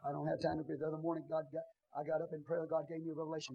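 A man preaching a sermon in a church, swinging from quiet teaching to loud shouted preaching. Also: fairly high pitch, monotone, racing, creaky, poor audio. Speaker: pastor. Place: church sanctuary.

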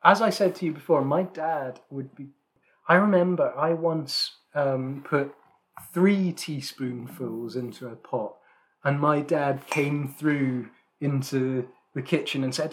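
A man's voice: fairly high pitch, slow. A man co-hosting a podcast in casual chat, talkative and self-deprecating, with frequent restarts and fillers. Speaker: podcast co-host.

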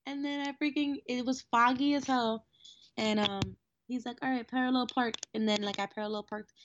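A woman co-hosting a podcast in casual chat, slightly raspy from asthma, telling stories with giggles. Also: on the high side, moderate pace, dull audio, background noise. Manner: giggly, animated storytelling. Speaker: podcast co-host.

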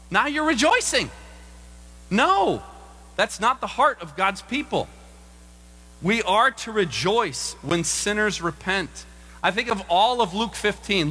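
Animated preacher man, high bright voice. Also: a little hiss or hum. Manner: animated, acts out quoted voices with big pitch jumps. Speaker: pastor. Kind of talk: sermon. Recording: long reverb of a large room.

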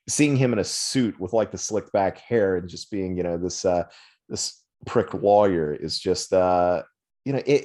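A man co-hosting a film podcast, talking emphatically and teasing his co-host. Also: deep voice. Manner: animated, emphatic, playful teasing. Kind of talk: casual film podcast chat.

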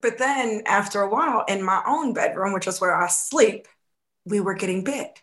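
Woman telling a story on a podcast, acts out the voices, goes quiet for asides. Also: mid-range voice, moderate pace. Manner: animated storytelling, acts out quoted dialogue. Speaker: faith coach, guest. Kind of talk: casual podcast conversation.

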